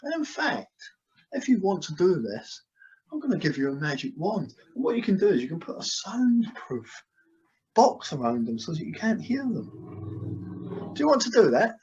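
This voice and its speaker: Brief: male hypnotist, slightly high voice, soothing repetitive delivery, lo-fi call audio. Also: very animated, normal speed, a little mellow. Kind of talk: guided hypnosis session. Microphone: video call. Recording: dull lo-fi video call audio.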